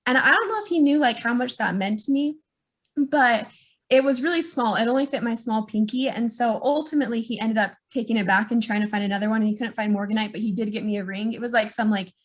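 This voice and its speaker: A young woman telling a personal memory in a reflective, unhurried way, with many fillers. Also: a little high. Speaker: niece sharing a memory. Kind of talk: casual storytelling.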